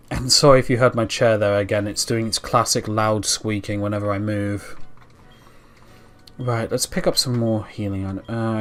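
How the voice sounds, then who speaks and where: Guy, youngish, chatty let's-play voice, faint music underneath. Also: medium pitch. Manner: chatty, self-deprecating, talks to the game. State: dry mouth, yawning. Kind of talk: casual gameplay commentary.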